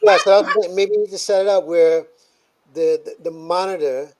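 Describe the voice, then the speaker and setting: Woman, low voice, mellow tone, video call, casual advice. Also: brisk, rough recording. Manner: gives advice, short affirmations. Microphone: webcam on a video call.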